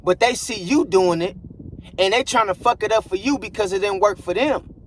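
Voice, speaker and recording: A man with a high-pitched, fairly bright voice gives blunt, preachy relationship advice in a casual monologue, repeating phrases like "bruh" and "I guarantee you" for emphasis. He speaks at a moderate pace with slight background noise.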